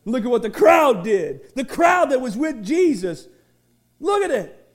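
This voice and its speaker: A male pastor with an extremely high voice preaches in a church, very animated. He swings between quiet asides and shouted, drawn-out peaks.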